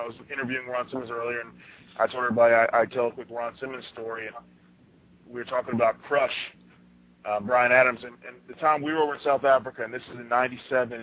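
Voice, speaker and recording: A male radio host spins an animated story for his roundtable, repeating words as he restarts and then tossing the floor to his guests. He comes through a thin, phone-like line, at an average pitch for a man.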